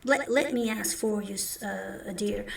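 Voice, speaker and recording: A woman's voice: mid-range voice, measured pace, creaky. A woman narrating as game master of a tabletop game, chatty and rambling. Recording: roomy echo from a distant mic.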